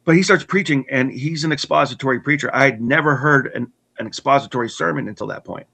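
A man earnestly telling his personal story in conversation, halting with restarts and repeats. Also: medium pitch, gravelly, pushed and bright, husky. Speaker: guest telling his testimony.

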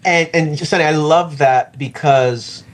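A man who is a pastor, speaking in an earnest, reflective way in a conversational interview and slowing down to stress his points. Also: a little high. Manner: earnest, reflective, slows for emphasis.

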